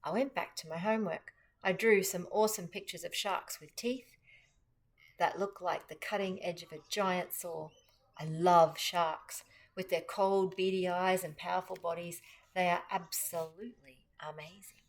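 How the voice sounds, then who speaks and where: A woman with an Australian accent reading a children's chapter book aloud with expressive, animated storytelling. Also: lowish voice, normal speed.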